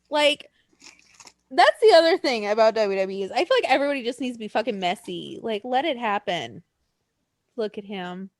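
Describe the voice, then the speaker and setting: Lively high-voiced woman chatting. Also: normal speed, pauses often, dry recording, studio quality. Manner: swearing, excitable, laughs often, lively and chatty. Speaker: podcast co-host. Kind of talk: casual chat.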